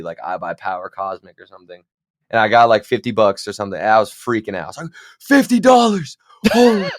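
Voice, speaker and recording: A man's voice: lowish voice, clear, resonant tone, no echo, studio quality. A young man on a podcast, telling stories in casual chat and rambling as his voice drops off at the ends of phrases. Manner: rambling storyteller, trails off quietly. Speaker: podcast guest.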